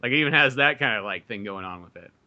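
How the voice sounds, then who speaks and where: A man's voice: mid-range voice, expressive, fast, sharp tone, dull audio. A man co-hosting a podcast in casual comedic chat, laughing, swearing and riffing on silly scenarios. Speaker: podcast co-host.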